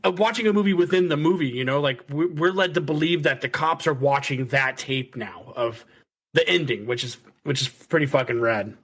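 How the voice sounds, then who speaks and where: A man on a podcast with a bright, forceful voice that sits a little high. He swears easily and tumbles into quick quoted lines. He talks like he's among friends. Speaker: podcast host. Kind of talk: casual chat.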